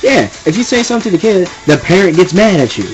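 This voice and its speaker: A man's voice: high-pitched, expressive, quick pace, soft background music, rough recording. A young man ranting casually and with exasperation, rambling and repeating himself. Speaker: vlogger ranting. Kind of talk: casual rant to camera.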